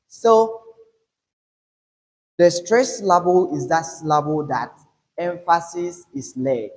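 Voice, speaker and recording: A man teaching an English pronunciation lesson, explaining step by step, repeating his points and stressing example words loudly. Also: on the high side, poor audio.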